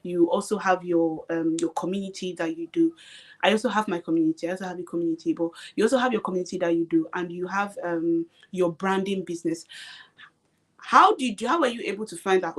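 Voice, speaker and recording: A woman's voice: medium pitch, fast talker. A young woman guest on a live stream, speaking emphatically and repeating her points, often checking that she is understood. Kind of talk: motivational live-stream chat.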